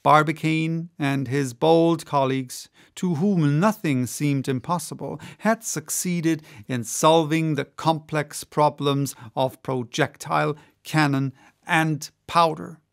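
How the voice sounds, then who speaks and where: A male audiobook narrator reading in a steady, measured way. His voice sits a little high and carries a gravelly edge. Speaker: audiobook reader.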